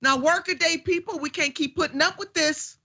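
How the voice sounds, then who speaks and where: A woman's voice: very high voice, normal speed, sharp tone, lo-fi sound. A woman hosting a political commentary show, talking in an emphatic, folksy, preacher-like way. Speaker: show host.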